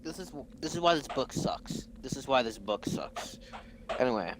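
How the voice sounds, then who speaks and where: A man's voice: mid-range voice, animated, normal speed, noisy background. A man streaming a game, chatting casually and reading reviews aloud in a sarcastic, rambling way. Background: loud game music.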